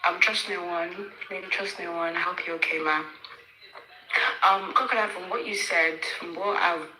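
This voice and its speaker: Woman, halting casual talk, very bright tone, roomy sound. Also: lowish voice, steady tone, a little hiss or hum. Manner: halting, many fillers and restarts. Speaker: participant in an online audio room. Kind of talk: casual emotional discussion. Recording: echoey with faint music behind.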